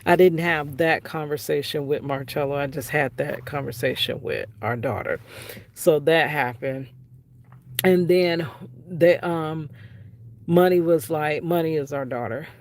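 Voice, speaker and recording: A woman's voice: deep voice, measured pace, a little mellow. A middle-aged woman telling a story in a casual vlog. She talks frankly and conversationally, retelling conversations with her family. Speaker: vlogger, prison wife.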